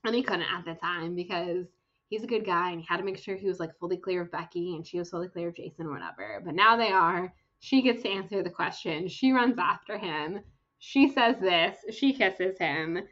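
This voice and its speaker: A woman co-hosting a book podcast, gushing through an excited, quick recap of a favorite novel's scene. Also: fairly low pitch, highs cut off.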